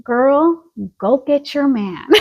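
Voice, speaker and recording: A woman's voice: high voice, normal speed. A woman co-hosting a casual gossip podcast, telling stories and acting out what people said. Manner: animated storytelling, acting out quotes. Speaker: podcast co-host.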